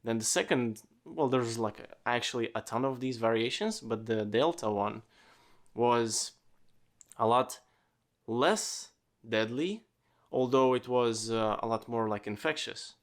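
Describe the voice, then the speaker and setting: A man's voice: mid-range voice, unhurried. Rambling, profane male podcast host. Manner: rambling, frequent 'like', swears freely. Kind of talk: casual solo podcast talk.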